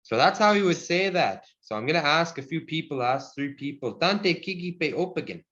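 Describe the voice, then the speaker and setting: A man teaching a Cree language class over a video call, friendly and encouraging, chuckling often and slowing down to model each word. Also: fairly high pitch, lively intonation, a bit bright. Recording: dull lo-fi video call audio.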